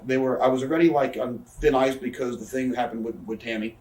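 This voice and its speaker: Fast-talking profane man, echoey room. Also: mid-range voice, fairly even intonation, darkish tone, recorded from a distance. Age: 30s. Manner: profane, rapid storytelling that acts out quoted people. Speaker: interview guest, wrestler. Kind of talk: casual storytelling in a shoot interview. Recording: roomy echo, speaker off-mic.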